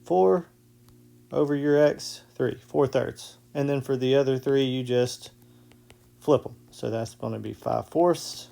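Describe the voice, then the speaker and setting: A man's voice: medium pitch, measured pace, vocal fry, warm tone. A male math teacher walking through a casual whiteboard lesson step by step, often checking in with "okay?".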